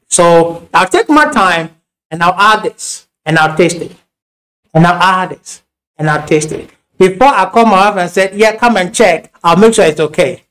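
Ghanaian pastor guy preaching, high voice, chatty stories, restarts a lot. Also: fairly bright tone, rough recording. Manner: storytelling, repetitive restarts, laughing asides. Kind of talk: sermon. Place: church.

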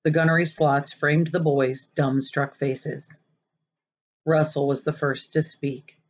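A woman reading a children's novel aloud, expressive and lively, raising her voice for the characters' lines. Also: low voice, slow pace, slight background noise. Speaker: narrator.

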